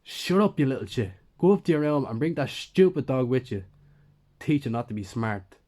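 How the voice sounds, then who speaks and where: A man's voice: medium pitch, sing-song, normal speed, mellow, pitched above the performer's own voice. A man voicing a rude, bullying man who snaps and threatens in a storybook tale. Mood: angry. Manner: snapping, threatening.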